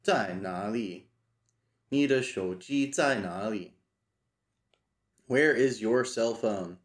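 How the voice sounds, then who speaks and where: A man talking casually through a study session, slowly repeating phrases aloud and thinking as he goes. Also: on the low side. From United States. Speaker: language learner teaching himself.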